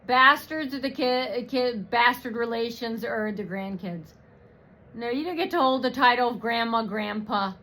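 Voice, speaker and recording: Woman vlogger, slow profane rant, bright tense tone, mocking, filler-heavy. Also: a little high. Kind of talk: rambling personal rant.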